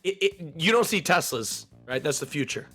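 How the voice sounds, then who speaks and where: A man from the United States hosts a casual streamed chat. His voice sits high and he talks with playful energy, circling back over the same words. Soft music plays faintly behind him. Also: moderate pace, breathy edge. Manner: energetic, joking, repeats himself. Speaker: stream host.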